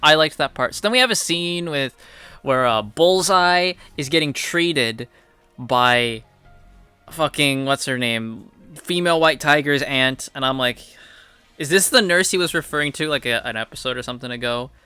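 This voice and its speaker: Bright, profane young man recapping a show. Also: mid-range voice, moderate pace, smooth, dry recording, soft background music. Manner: profane, blunt, rambling with fillers. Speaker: TV episode reviewer. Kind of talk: casual recap monologue.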